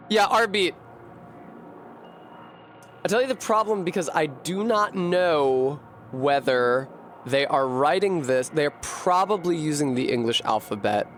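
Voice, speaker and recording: A man with a medium-pitched voice streams a video game live, thinking aloud with profane, sardonic commentary. There's slight background noise.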